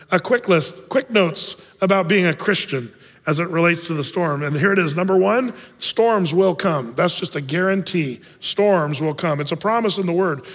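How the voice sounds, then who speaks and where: A man preaching a sermon as a pastor, casual and animated, acting out the voices of the people in his story. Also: sits high, in a large hall.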